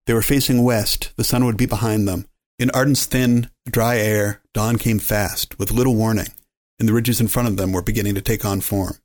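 A man's voice: fairly low pitch, fairly even intonation, normal speed, a little mellow. Man narrating a science-fiction audiobook.

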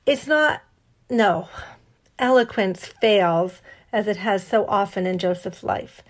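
A woman reading a novel aloud as an audiobook narrator. Her delivery is measured and lightly wry. Her voice sits at an everyday middle pitch.

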